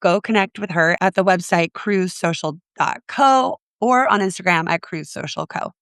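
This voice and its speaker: A woman hosting a podcast with a raspy voice, chatty and upbeat as she wraps up and promotes her community. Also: fairly low pitch, normal speed, fairly bright tone, no room sound, clean studio sound. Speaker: podcast host. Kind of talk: casual podcast talk and outro.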